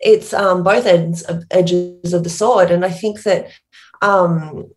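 Australian woman guest, small-town coastal accent, relaxed rambling storyteller. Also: on the low side, takes it slowly, faint music behind. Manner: chatty storyteller, many fillers and restarts. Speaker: guest, author and business founder. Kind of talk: casual interview conversation.

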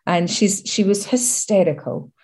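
Talking a little slowly at medium pitch, the middle-aged Scottish interviewee is open and candid. She recounts her stories with liveliness, wit and pride.

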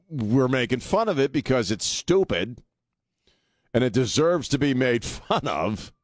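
A man's voice: medium pitch, no echo, clean studio sound. A man hosting a talk radio show, delivering a blunt, sarcastic monologue and laughing often. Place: radio studio. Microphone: studio microphone.

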